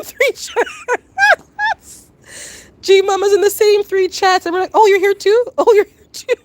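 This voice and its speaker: A woman chatting casually on a live stream while she walks around her backyard garden, answering viewer comments. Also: a little high. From Canada. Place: outdoor backyard garden near a rail line.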